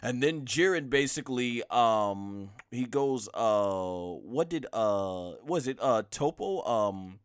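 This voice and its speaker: A man's voice: medium pitch, expressive, slow pace, few pauses, smooth, no room sound, clean studio sound. A man co-hosting a casual review discussion, recapping scenes with many fillers. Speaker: anime reviewer, co-host.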